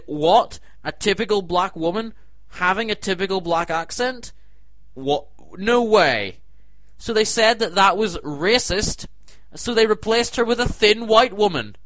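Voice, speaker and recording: A man hosting a comedy segment, ranting in disbelief with sudden loud outbursts. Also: high-pitched, dry recording. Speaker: comedy show host. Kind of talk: comic rant to camera.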